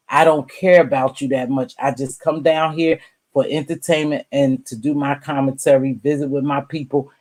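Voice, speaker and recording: A woman's voice: rumbling low, warm tone. A woman hosting a live stream, giving casual commentary in a blunt, profane, chatty way and greeting viewers by name.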